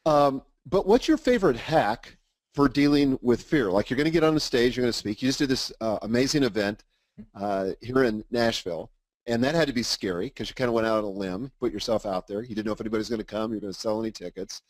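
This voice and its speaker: A man's voice: mid-range voice, lively intonation, quick pace, no room sound. A man hosting an interview, asking questions and giving short, agreeing replies. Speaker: interview host. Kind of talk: casual interview conversation.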